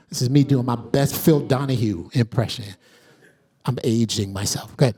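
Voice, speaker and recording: A man's voice: medium pitch, normal speed, dark tone, slightly rough. A man facilitating an interactive workshop, energetically calling on the audience and checking in with "right?" as he goes.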